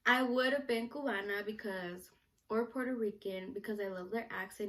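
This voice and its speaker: A woman's voice: mid-range voice, normal speed, fairly bright tone. A young woman chatting casually to camera in a question-and-answer vlog, bubbly and full of "like" and "you know". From United States, Mexican parents. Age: young adult. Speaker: vlogger, student reporter.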